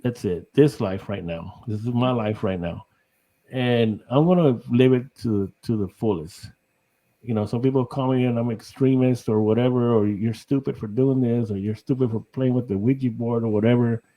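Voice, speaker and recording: A middle-aged man from Texas talks as a podcast guest, loose and rambling. He laughs often and strings his thoughts together with "you know". His pitch sits in an ordinary middle range. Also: normal speed, mellow, poor audio. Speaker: guest, paranormal investigator. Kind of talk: casual podcast chat.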